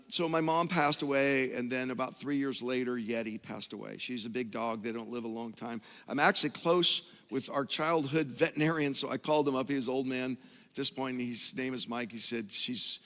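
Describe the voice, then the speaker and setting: Middle-aged male pastor, storytelling sermon that swings from hushed to emphatic, forceful tone, long church-hall echo. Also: mid-range voice.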